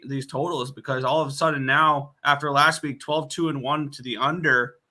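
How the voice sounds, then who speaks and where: A man's voice: a little high, fairly even intonation, moderate pace, bright, forceful tone. A man talking betting picks in casual chat, confident and analytical. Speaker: sports handicapper.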